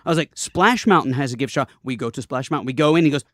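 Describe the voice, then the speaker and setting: A man's voice: medium pitch, animated, fast talker, a bit bright, dry recording, studio quality. A man guesting on a podcast, telling a story in casual chat, laughing often and quoting people in his own voice.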